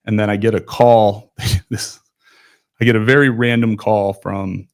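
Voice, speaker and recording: A man in his forties with a fairly low voice tells his story in a relaxed, conversational way, now and then slipping into the voices of people he quotes. The sound is dry and close, with almost no room. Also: a little slow, clear, resonant tone, no room sound. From Ohio. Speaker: podcast guest, former runner. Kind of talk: casual storytelling interview.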